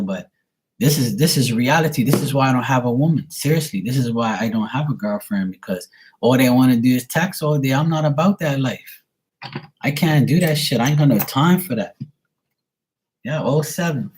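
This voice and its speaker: A man's voice: mid-range voice, brisk, darkish tone. Guy ranting at the camera, cussing a lot, blunt and fed up, asks the viewer stuff like "you out of your mind?". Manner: blunt, swearing, exasperated; talks straight to the viewer with rhetorical questions. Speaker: vlogger answering viewer questions. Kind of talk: profane comic rant to camera.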